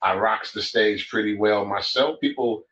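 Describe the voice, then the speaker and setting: A man with a lower voice talks emphatically in a casual podcast chat, repeating words to drive his point home. The recording sounds dull and lo-fi. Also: moderate pace, fairly bright tone. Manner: emphatic, repeats himself for effect. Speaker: podcast co-host.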